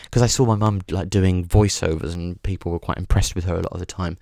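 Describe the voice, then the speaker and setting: A man's voice: lowish voice, fairly even intonation, fast, hardly any pauses, a little mellow, no echo, clean studio sound. A man hosting a podcast, talking in a rambling comic monologue, full of restarts and swearing. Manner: digressive, sweary, stumbling restarts. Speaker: podcast host.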